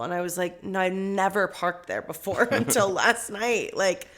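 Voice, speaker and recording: A woman's voice: fairly low pitch, steady tone, measured pace, hardly any pauses, fairly bright tone. A young woman co-hosting a podcast, telling a story in a casual chat, acting out quotes and laughing often. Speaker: podcast co-host.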